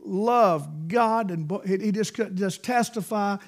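A man preaches in a high, bright-pitched voice. He spins folksy stories from the pulpit, pushing hard on key words and then dropping to hushed asides. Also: unhurried. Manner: folksy, emphatic, swings between loud bursts and hushed asides. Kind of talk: storytelling sermon.

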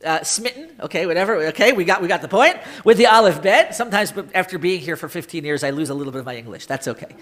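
A man teaching a Torah class in lecture style, animated, often repeating and restarting words and acting out sighs and groans. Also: high-pitched. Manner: acts out sighs and groans for effect.

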